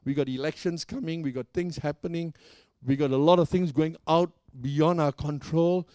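A high-voiced male pastor preaches a sermon with excitable energy and playful jokes, repeatedly calling on the congregation to respond. He speaks at normal speed, and the sound is close and dry with no echo and little room around it.

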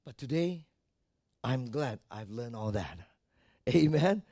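A male pastor preaching a sermon, telling personal stories and building from quiet talk to loud, repeated exhortations. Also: medium pitch, lively intonation, slow pace, no echo, studio quality. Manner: tells personal stories and addresses the congregation directly.

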